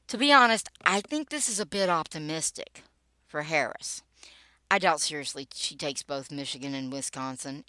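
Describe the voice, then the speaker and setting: A woman's voice: fairly low pitch, bright, forceful tone, dry recording. An older woman reading her own political blog post aloud, wry and sarcastic, with dry asides. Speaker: political blogger and podcaster.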